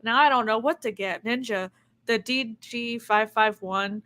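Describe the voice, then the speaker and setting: A woman's voice: on the high side, unhurried, bright, forceful tone. A woman with a New Jersey accent hosting a casual livestream, chatty and giggly as she reads out viewer comments. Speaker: livestream host. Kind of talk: casual live chat.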